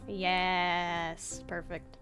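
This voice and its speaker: A woman's voice: fairly low pitch, completely flat delivery, extremely slow, fairly bright tone, faint music behind. A woman chatting casually to herself while playing a game, swearing offhandedly as she goes. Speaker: let's-play gamer. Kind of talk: casual gameplay commentary.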